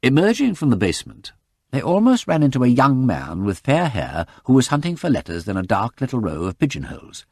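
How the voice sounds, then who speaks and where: A man narrating a mystery novel as an audiobook in an expressive, animated storytelling style. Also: mid-range voice, a little fast, breathy edge, no echo, clean studio sound. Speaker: audiobook reader. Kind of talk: scripted narration.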